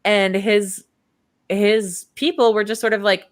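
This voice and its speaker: A woman's voice: mid-range voice, fairly even intonation, a little slow. A young woman co-hosting a true crime podcast, telling the story casually and acting out the quotes with laughs. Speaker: podcast co-host.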